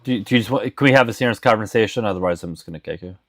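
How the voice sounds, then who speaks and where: A man's voice: lowish voice, rapid-fire, dry recording, clean studio sound. A man hosting a casual live stream chat, talking bluntly, teasing his viewers and swearing freely.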